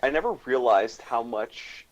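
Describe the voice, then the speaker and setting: Halting Canadian man on a stream. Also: medium pitch, animated, highs cut off. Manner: halting, restarts words, hedges with "you know". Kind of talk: casual livestream chat.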